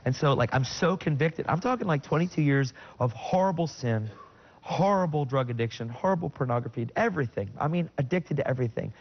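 A middle-aged man telling his personal faith testimony in conversation. He speaks earnestly and with feeling, and his voice jumps high in sudden bursts when he quotes himself. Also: expressive, a little fast, highs cut off. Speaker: guest sharing his testimony.

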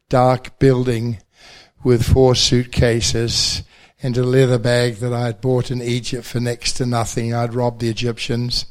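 An older man from New Zealand with a New Zealand accent, a pastor telling his faith testimony at a banquet with gentle self-deprecating humor. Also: mid-range voice.

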